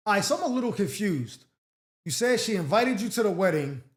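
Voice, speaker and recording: A man with a high voice gives casual advice on listener letters. He is blunt and slangy and reacts in an animated way. The room sounds echoey. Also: a little fast. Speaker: advice show host.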